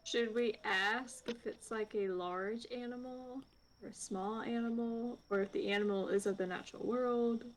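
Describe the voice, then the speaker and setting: A woman's voice: a little high, fairly even intonation, moderate pace, a little hiss or hum, rough recording. A woman playing a tabletop game, eager and chatty. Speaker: player. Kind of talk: casual chat.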